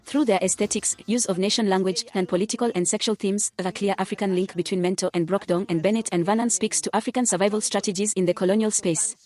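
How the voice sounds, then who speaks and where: Fast-reading woman presenting a paper. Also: mid-range voice, faint music behind. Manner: steady formal reading. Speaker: student presenter.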